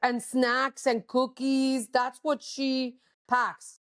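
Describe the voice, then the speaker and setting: A woman's voice: sits high, flat delivery, very slow, a bit bright. A woman co-hosting a podcast, chatting casually and gossiping with lots of profanity, slipping Spanish words into her English. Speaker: podcast co-host. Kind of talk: casual chat.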